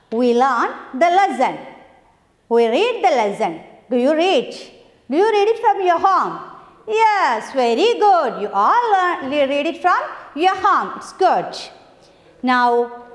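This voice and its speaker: A woman teaching an English lesson to young pupils, repeating each point and coaxing answers with simple questions. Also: high-pitched. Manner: slow, repetitive, coaxing questions. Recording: echoey room with long reverb.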